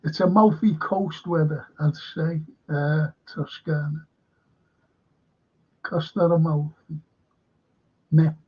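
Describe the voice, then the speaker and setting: A Liverpool man chats his way through a history livestream, drifting from topic to topic and swearing now and then. His voice is husky and sits high. The stream audio is dull and lo-fi. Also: fairly even intonation, slow pace, pauses often. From Liverpool, England. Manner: rambling, chatty, swears freely. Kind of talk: casual livestream chat reading viewer comments.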